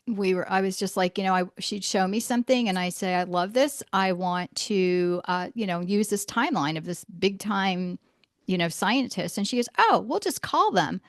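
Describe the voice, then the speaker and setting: A woman hosting a podcast interview, telling lively stories and acting out quotes with frequent laughter. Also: mid-range voice, normal speed, no echo, clean studio sound. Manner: animated storyteller, acts out quotes, laughs often. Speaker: podcast host. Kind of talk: casual interview chat. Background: homeschool mom.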